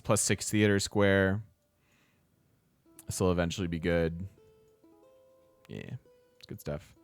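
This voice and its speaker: This let's play host has a low, clear, resonant voice, recorded with no room sound. He comments casually on the strategy game he's playing, laughing a lot and chatting with viewers.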